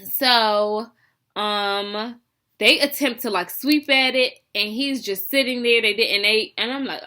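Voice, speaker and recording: Bright, chatty young woman storyteller. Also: a little high, unhurried. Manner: animated, chatty, heavy with fillers and asides. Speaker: vlogger telling a story. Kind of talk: casual storytelling.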